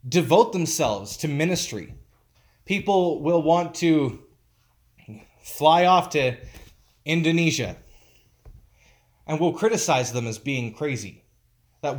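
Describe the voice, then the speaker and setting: A man preaching a conversational sermon as pastor, informal and emphatic, often pausing to search for his words. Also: on the high side, lively intonation, a little mellow.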